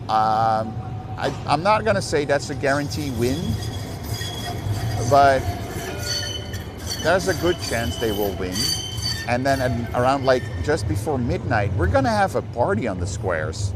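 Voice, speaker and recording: A man's voice: mid-range voice, big pitch swings, measured pace, long pauses, noisy background. A young Dutch man, a native Dutch speaker, chatting casually on a live stream from a city street and talking with his chat and people passing by. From Netherlands. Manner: chatty and rambling, talks to chat and passersby.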